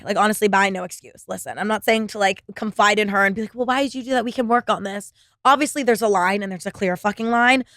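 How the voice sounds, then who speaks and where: A woman's voice: medium pitch, fairly bright tone, no echo, studio quality. Blunt, profane young woman podcaster. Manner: blunt, profane, filler-heavy with frequent "like". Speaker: podcast host. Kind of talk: casual solo podcast monologue.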